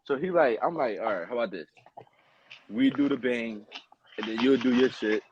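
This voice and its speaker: A man talking as a podcast guest in relaxed, casual chat, often letting his phrases drop off quietly. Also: mid-range voice, normal speed, highs cut off, background noise. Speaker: guest wrestler.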